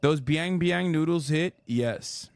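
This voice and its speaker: A man's voice: fairly high pitch, takes it slowly, smooth, no room sound. A man streaming live, chatting casually and reacting to chat with lots of swearing. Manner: profane, chatty, reads chat aloud.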